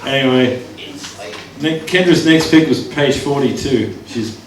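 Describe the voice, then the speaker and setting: A man's voice: mid-range voice, unhurried. A man performing spoken word poetry at an open mic, with dry, wry asides between poems. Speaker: performance poet. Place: live poetry venue, indoors. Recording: distant mic in a noisy echoey venue.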